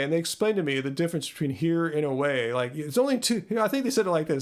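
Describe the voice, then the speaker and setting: A man's voice: a little high, lively intonation, quick pace, hardly any pauses. A man in his thirties hosting a casual live-stream Q&A, rambling and self-deprecating as he answers viewers. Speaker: host.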